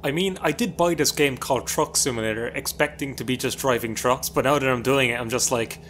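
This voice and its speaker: A man's voice: mid-range voice, fairly quick, fairly bright tone, slight background noise. Dry-witted young Irish man. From Ireland. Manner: dry, sarcastic, self-mocking banter. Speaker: gaming YouTuber. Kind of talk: playthrough commentary. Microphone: desk mic with pop filter.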